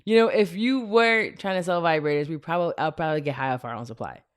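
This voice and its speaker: With a deep, clear, resonant voice, a woman in her thirties talks fast while co-hosting a casual podcast. She's an animated storyteller who laughs often and acts out quotes.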